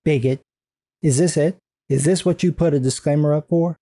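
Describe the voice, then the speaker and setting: A man's voice: fairly high pitch, fairly even intonation, a little fast, mellow, no echo. A man delivering a sarcastic, indignant video commentary rant with frequent profanity.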